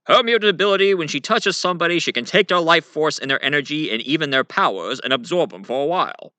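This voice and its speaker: A formal, proud mutant school leader, as a man puts him on, speaks in a raised, lifted voice. The sound is very bright and dry, with the mic close. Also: a little high, animated, fast talker, no room sound, voice pushed up. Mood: eager. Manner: formal, introducing people.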